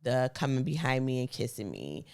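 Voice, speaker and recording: A woman's voice: very deep voice, very animated, normal speed, a little mellow, clean tone. A woman co-hosting a podcast, chatting casually and teasing her partner with frequent laughter. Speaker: podcast co-host. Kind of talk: casual couple chat.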